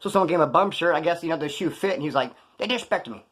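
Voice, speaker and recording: Fast-talking man telling street stories. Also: fairly high pitch. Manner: street slang, animated, acts out quoted voices. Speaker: storyteller. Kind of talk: casual storytelling.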